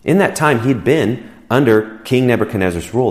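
A male pastor preaching in a casual, conversational way. His voice sits at an ordinary middle pitch, and he talks through scripture at an easy pace, often doubling back on his own words mid-thought. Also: normal speed. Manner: relaxed, repeats words while explaining. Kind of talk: conversational sermon.

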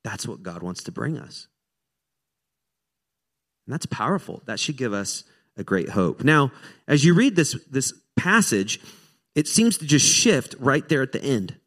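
An American pastor preaches in a relaxed, conversational way at a middle pitch for a man. He keeps restarting his sentences and wanders into self-mocking asides before he brings the talk back to the scripture. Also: measured pace, pauses often. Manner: casual, self-deprecating asides with frequent restarts. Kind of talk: sermon.

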